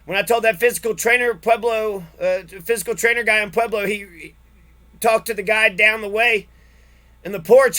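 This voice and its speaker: This man's voice is high and bright, with a steady tone, normal pacing, and forceful delivery. He rants angrily through his own story in a long personal monologue, swearing constantly and repeating himself.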